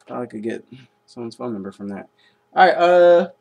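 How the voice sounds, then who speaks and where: A man's voice: medium pitch, animated, brisk, gravelly, a little mellow. A young man rambling and joking in a casual vlog. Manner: goofy, joking, rambling asides. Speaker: vlogger.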